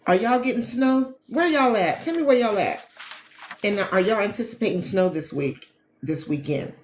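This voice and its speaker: A woman from the American Midwest who hosts a live travel talk show, chatting casually and warmly addressing her viewers as a travel agent and business coach. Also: mid-range voice, moderate pace, a little hiss or hum. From Gary, Indiana, USA. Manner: chatty, animated, talks straight to viewers as "y'all". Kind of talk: casual livestream chat with viewers. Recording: echoey room with faint ambience.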